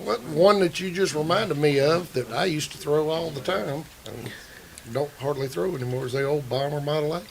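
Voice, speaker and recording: A man speaks in casual chat with a somewhat high voice. He talks haltingly and repeats words as he gets his point out. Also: gravelly, poor audio.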